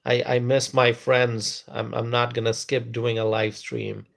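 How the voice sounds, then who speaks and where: A man hosting a live stream, chatting with viewers and talking softly and slowly to rest his tired voice. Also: mid-range voice, completely flat delivery, gravelly.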